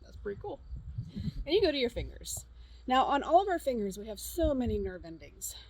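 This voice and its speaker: A woman's voice: mid-range voice, slightly rough, low-quality recording. A middle-aged woman, a counselor, casually demonstrating a tapping technique outdoors, chatty and repeating short cue phrases, with an easy laugh. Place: outdoors at a farm.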